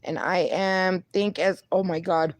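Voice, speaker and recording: A woman's voice: fairly low pitch, fairly even intonation, measured pace, dry recording. A young woman hosting a casual livestream, reading viewer comments aloud and answering them with upbeat encouragement, laughing often and swearing a little. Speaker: livestream host.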